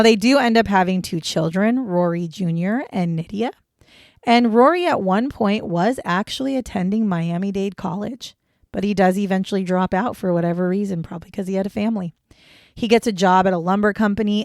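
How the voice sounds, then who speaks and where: A woman's voice: medium pitch, darkish tone, dry recording, studio quality. A young woman co-hosting a true crime podcast, talking casually and bluntly, swearing freely. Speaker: podcast co-host.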